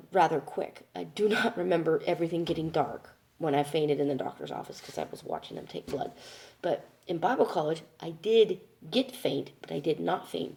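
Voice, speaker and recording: A woman speaks in a candid video diary, her voice low, dark and a bit gravelly. She sounds exasperated as she vents, acting out whole conversations line by line. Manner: exasperated, venting, quotes others in dialogue. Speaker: caregiver daughter.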